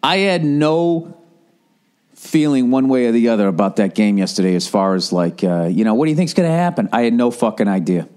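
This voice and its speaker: A man's voice: fairly low pitch, normal speed, a little mellow. A man from the area, ranting in casual, profane, sarcastic podcast talk. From Boston area. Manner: sarcastic, rambling, swears constantly.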